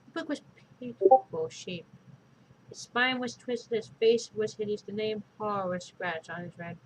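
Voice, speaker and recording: A woman's voice: mid-range voice, moderate pace, slight background noise, low-quality recording. A woman reading a storybook aloud in a casual, unpolished way, chatting to viewers in asides. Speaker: storybook reader.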